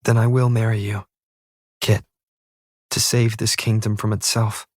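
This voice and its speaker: A determined young woman states her mind in earnest, measured declarations. A man with a low voice plays her, lifting his tone only slightly, in a close, dry recording. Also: flat delivery, a little mellow, dry recording. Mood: resolute.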